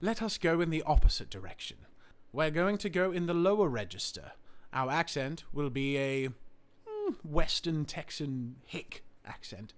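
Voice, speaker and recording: An Australian man teaching voice acting in a formal, carefully worded way. His voice sits slightly high and moves through lively swings of pitch. He lays out each point deliberately. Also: clear, resonant tone. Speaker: voice acting tutor. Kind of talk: scripted tutorial.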